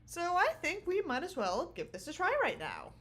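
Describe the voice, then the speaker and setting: A woman's voice: sits high, huge pitch swings, moderate pace, fairly bright tone. A woman streamer chatting casually with her viewers from home, giggling often and rambling. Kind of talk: casual livestream chat. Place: small home room.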